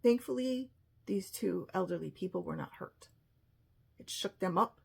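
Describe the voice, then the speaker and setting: A woman with a husky voice telling an emotional personal story, often quoting what others said. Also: medium pitch, animated, a little slow, a little mellow.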